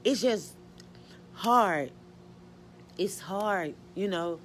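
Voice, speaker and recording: Middle-aged southern mom, casual q&a, halting and emotional, lots of "you know", mid pitch voice. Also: female voice, animated, a little hiss or hum. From Georgia, US Southern. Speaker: mother answering viewer questions. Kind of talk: casual Q&A chat.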